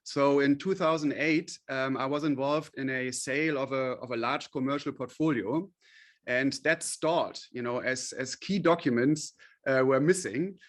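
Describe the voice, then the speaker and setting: A man's voice: mid-range voice, moderate pace. A man being interviewed as a company CEO, explaining at length with many fillers and restarts. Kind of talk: podcast interview.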